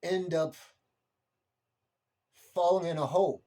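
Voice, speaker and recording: A man's voice: on the high side, slow, dark tone. A young man delivering an impassioned monologue rant, heated and repetitive, swearing freely.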